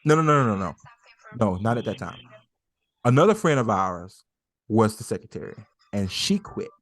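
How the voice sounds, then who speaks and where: A man's voice: fairly low pitch, very animated, normal speed. A man co-hosting a podcast, telling a story in casual chat, swearing freely and acting out quotes. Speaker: podcast co-host.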